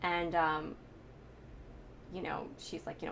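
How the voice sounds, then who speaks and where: A woman's voice: on the low side, little pitch movement, takes it slowly, gravelly, a bit bright, slight background noise. A woman hosting a casual movie reaction chat, talking in a rambling way with lots of fillers, restarts and laughter. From United States. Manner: chatty, laughs often, many fillers and restarts. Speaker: host.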